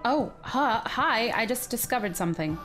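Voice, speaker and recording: A woman narrates her gameplay in an excitable, chatty way, her slightly high voice swooping up and down through gasps of confusion. Faint music plays under her commentary. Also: moderate pace. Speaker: gaming video host. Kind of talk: let's play commentary.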